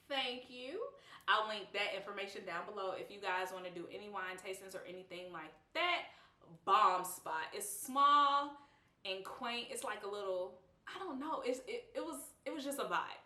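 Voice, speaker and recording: A young woman vlogger telling a casual storytime, blunt and slangy, laughing often and acting out what people said. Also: medium pitch. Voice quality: animated, expressive, lively quoting of others. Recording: roomy, slightly distant mic.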